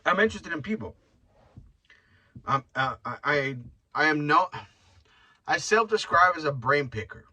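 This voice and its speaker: A man's voice: fairly high pitch, animated, unhurried, pauses often, sharp tone, breathy edge, recorded from a distance. A man hosting his own podcast, rambling bluntly and swearing freely as he talks through his thoughts. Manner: rambling, blunt and profane, with frequent restarts. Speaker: podcast host. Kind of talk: casual solo podcast monologue.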